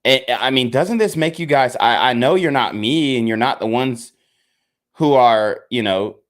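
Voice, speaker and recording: A man's voice: mid-range voice, measured pace. Frustrated young man ranting to camera. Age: young adult. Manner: frustrated, emphatic, repeats himself, swears. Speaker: content creator. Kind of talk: casual rant to camera.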